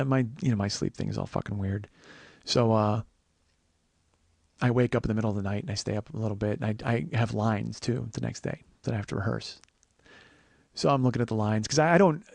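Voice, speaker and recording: Gravelly-voiced comic in his forties, podcast host spinning a profane, rambling yarn; dry, close sound. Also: lowish voice, dry recording. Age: 40s. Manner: profane, rambling, animated storyteller. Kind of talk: comedic storytelling monologue.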